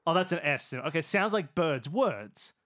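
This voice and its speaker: Animated man guessing aloud in a game. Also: a little high, measured pace. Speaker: player. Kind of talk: playing a tabletop game, thinking aloud.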